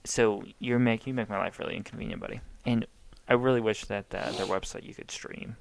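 A man's voice: on the low side, fairly even intonation, a little fast, creaky, a little hiss or hum. A young man from the United States co-hosting a podcast in casual, rambling chat, swearing and joking. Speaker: podcast co-host.

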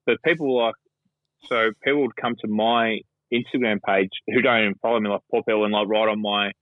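Over a dry phone line, an Australian guest pundit chats loosely about sport at a brisk clip, his lowish voice holding a steady tone. There's no echo, just lots of rambling, swearing and filler words.

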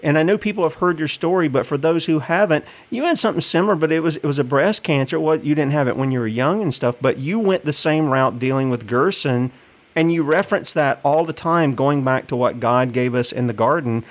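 A man's voice: fairly high pitch, a little fast. A male host asking guests questions in a conversational way, with preacher-like asides to his listeners. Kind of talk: casual interview chat.

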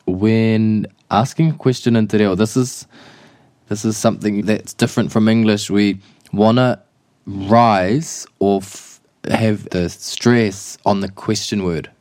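A man with a New Zealand accent and a fairly low voice walks a learner through grammar, patient and repeating examples. The sound is dry and close, with little room around it. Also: fairly even intonation, slow pace, darkish tone, dry recording. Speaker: te reo Māori teacher. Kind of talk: casual language lesson.

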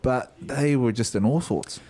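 A man's voice: medium pitch, unhurried, warm tone. A man co-hosting a podcast, talking in an easygoing way and laughing readily. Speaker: podcast co-host. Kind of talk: casual chat.

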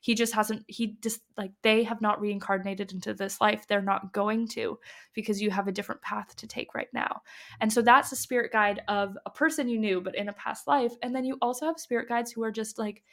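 A woman's voice: on the high side, steady tone, brisk, vocal fry. A young woman who works as a medium, chatting casually on a podcast and acting out the dialogue she quotes. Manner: chatty, lots of fillers, acts out quoted dialogue. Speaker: medium and past life regression guide.

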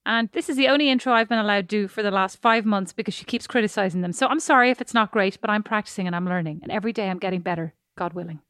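A woman co-hosting a casual podcast chat with her sister, self-mocking and quick to laugh. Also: medium pitch, fairly bright tone, clean tone, no echo, studio quality. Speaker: podcast co-host.

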